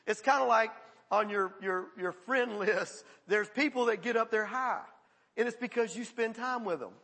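A man's voice: sits high, normal speed, pushed and bright, long reverb tail. A man preaching a conversational sermon as pastor, acting out quoted voices and laughing along with the congregation.

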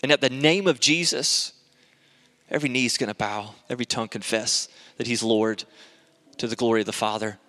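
A man's voice: mid-range voice, brisk, pushed and bright. A man preaching a sermon as a pastor, earnest and repetitive, building to fervent prayer. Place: church sanctuary. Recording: long hall reverb in a church.

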